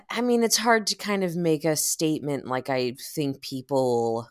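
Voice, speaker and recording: A woman in casual conversation, telling stories with lots of laughter and loud acted-out quotes. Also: low voice, a little slow, dry recording, studio quality. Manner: animated storyteller, laughs often, acts out quotes loudly. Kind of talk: casual chat.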